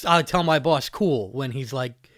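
A man's voice: mid-range voice, a little slow, a bit bright, no echo, clean studio sound. A man in his twenties co-hosting a comedy podcast, bantering and joking loosely. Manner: jokey, slips into silly accents.

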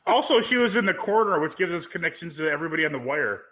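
A man's voice: fairly high pitch, lively intonation, quick pace, sharp tone, rough recording. A man co-hosting a podcast in casual chat, teasing and joking with his partner. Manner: teasing, jokey. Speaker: podcast co-host.

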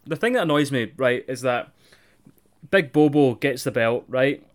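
Chatty young man, mid-pitched. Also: lively intonation, normal speed. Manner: chatty, sweary, laughs easily. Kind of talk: casual chat.

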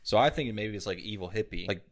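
A man's voice: on the low side, fast, gravelly. A young man casually telling a profane, rambling story on a podcast, full of "like" fillers. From Georgia, US. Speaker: podcast co-host.

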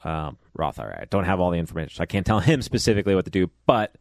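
A man co-hosting a finance podcast, explaining in a measured, careful way. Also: low voice, lively intonation, gravelly, no echo, studio quality. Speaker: podcast co-host, finance advisor. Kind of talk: casual finance podcast chat.

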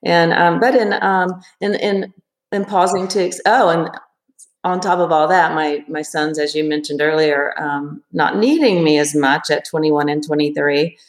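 Fifties woman, lowish voice, ponders aloud as interview guest, echoey room. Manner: reflective, hesitant with many restarts and fillers. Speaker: therapist guest. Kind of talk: casual interview.

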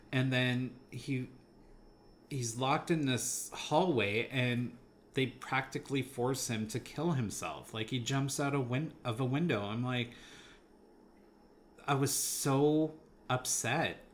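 A man on a movie podcast gives a casual review of a film, excited and wandering, with the occasional laugh. He speaks slowly at medium pitch, and there's a little hiss or hum on the recording.

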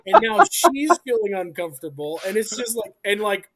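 A man co-hosting a podcast, telling an awkward story in casual, animated chat full of "like". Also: sits high, normal speed. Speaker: podcast co-host.

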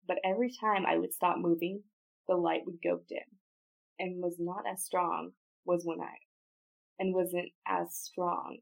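A woman's voice: on the low side, fairly even intonation, a little slow, vocal fry. A woman hosting a podcast in casual outtakes, laughing, apologizing and restarting her story lines again and again. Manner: breaks off to retry story lines. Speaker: podcast host.

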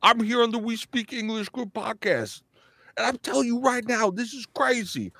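A man's voice: extremely high pitch, normal speed, gravelly, bright, forceful tone, no echo, studio quality, pitched above the performer's own voice, full character voice. A man doing an impression of a comedian, speaking in a pouting, apologetic drawl with crude jokes. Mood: pouty crude.

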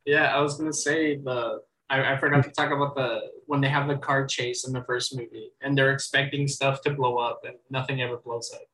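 A young man chatting casually about movies, chatty, with lots of restarts and quick asides. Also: medium pitch, steady tone, sharp tone, poor audio.

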